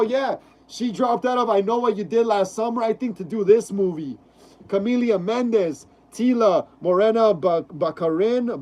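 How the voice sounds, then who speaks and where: A man's voice: high-pitched, dark tone. A young man casually hosting a live stream, reading chat messages aloud and stumbling over names. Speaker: livestream host.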